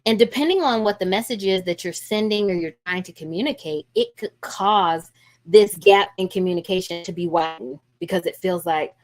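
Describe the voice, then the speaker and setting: A middle-aged woman counselor talks casually through a parenting workshop over a video call. She keeps the talk lively and often acts out what parents and kids might say. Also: on the low side, moderate pace. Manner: lively and conversational, acting out parents' lines.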